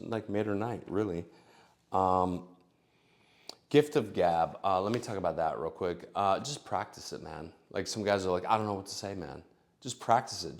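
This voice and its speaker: A middle-aged man with a lowish voice talks casually about dating. He rambles, stacks up fillers and restarts, and acts out both sides of imagined conversations. He is recorded on a close mic. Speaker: dating advice vlogger. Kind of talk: casual advice monologue.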